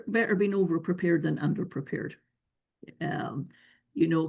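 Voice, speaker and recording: In a webinar Q&A conducted by video call, a woman answers visa questions with earnest emphasis. Her deep voice sounds creaky and mellow with a breathy edge, and she speaks with a noticeable non-local accent.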